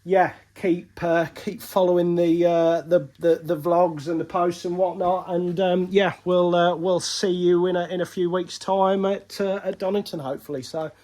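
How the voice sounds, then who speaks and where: A man's voice: high voice, little pitch movement, moderate pace, few pauses, a little mellow. A man recovering from illness, short of breath, giving a rambling casual vlog update from his workshop, full of fillers and restarts. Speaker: motorbike racer vlogging.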